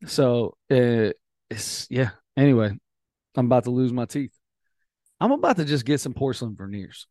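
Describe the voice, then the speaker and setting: Guy rambling through a story on a podcast, mid pitch, dry close mic. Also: very animated, normal speed, mellow, dry recording. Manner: rambling storyteller, laughs while telling. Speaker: podcast co-host. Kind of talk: casual chat.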